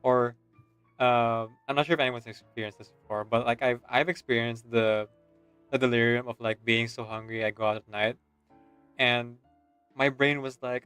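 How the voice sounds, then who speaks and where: A man's voice: medium pitch, steady tone, moderate pace, a bit bright, clear, resonant tone, no room sound, soft background music. A man streaming a game, telling a rambling, self-mocking story and laughing often. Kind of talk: casual gaming stream chat.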